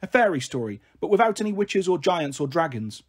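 A man's voice: a little high, sing-song, a little fast, slightly rough. A man voicing a small, eager little girl who pleads and asks lots of questions in a storybook reading. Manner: wheedling, childlike questions.

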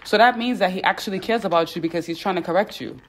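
A woman's voice: lowish voice, fast talker, a little hiss or hum. A woman hosting a podcast, talking directly to her listeners in a casual way. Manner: direct, addresses listeners as guys. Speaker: podcast host.

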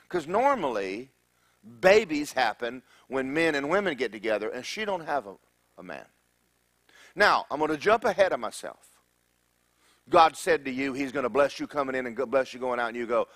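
A male pastor preaching a sermon, animated and joking as he retells a story. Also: fairly high pitch, normal speed, no echo.

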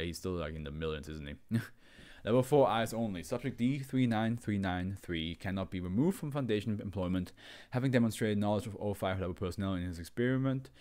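A man hosting a reading, pausing to chuckle and make offhand comments. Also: on the low side, darkish tone. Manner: chuckles often, reacts with off-hand comments. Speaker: channel host reading stories. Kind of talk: casual reading with asides.

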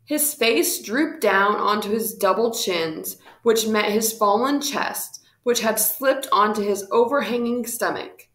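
A woman reading a historical storybook aloud in steady, measured narration. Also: mid-range voice, roomy sound.

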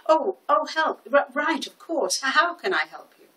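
A woman's voice: medium pitch, measured pace, fairly bright tone, far from the mic, natural voice, rough recording. An actress voicing a smitten young woman florist who stammers eagerly. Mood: flustered.

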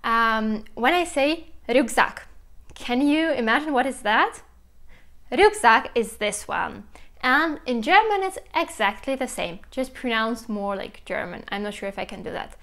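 A woman's voice: a little high, lively intonation, a bit bright. Enthusiastic Russian-accented woman teaching. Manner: enthusiastic, explanatory, repeats words slowly. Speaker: language teacher. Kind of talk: language lesson to camera.

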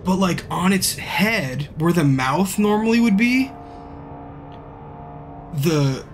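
A man with a slightly high voice rambles through a loose, profane movie recap on a live stream. He drops into hushed asides to act out scenes. Faint music plays behind him. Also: animated, takes it slowly. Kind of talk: casual rambling movie recap while gaming.

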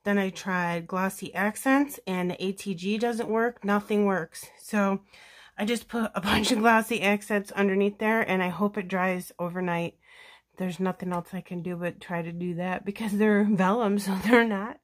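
A woman's voice: mid-range voice, steady tone, moderate pace. Chatty woman gushing over her craft project. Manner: chatty and gushing, thinks aloud while working. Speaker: scrapbooking crafter demonstrating a layout. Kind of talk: casual craft tutorial chat.

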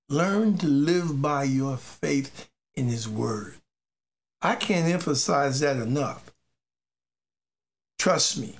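A faith teacher giving an informal sermon, emphatic and repetitive, mixing personal testimony with exhortation and sometimes stumbling over words. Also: medium pitch. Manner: emphatic, repeats key phrases, stumbles on words. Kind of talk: informal preaching monologue.

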